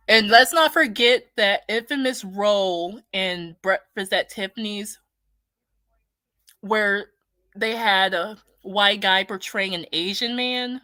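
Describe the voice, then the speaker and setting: A woman's voice: medium pitch, bright, forceful tone, no echo. A woman hosting casual opinion commentary, blunt and indignant, swearing freely and reading viewer comments aloud. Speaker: commentary host.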